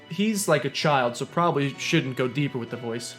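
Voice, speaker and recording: This young streamer speaks fast with few pauses in a mid-range voice, joking and ranting through his casual gameplay commentary. Game music plays behind him, and at times he reads the game's dialogue aloud.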